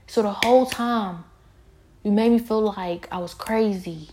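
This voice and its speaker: A woman's voice: mid-range voice, measured pace, a little mellow. A woman talking in a casual spoken monologue, intense and rambling, with pointed, confrontational questions and many fillers.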